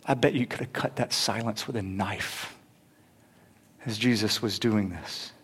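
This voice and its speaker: A man's voice: fairly low pitch, a little slow, a bit bright, slightly rough. A young adult man preaching a sermon in a conversational way, stumbling on restarts and rising into emphatic peaks. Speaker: pastor.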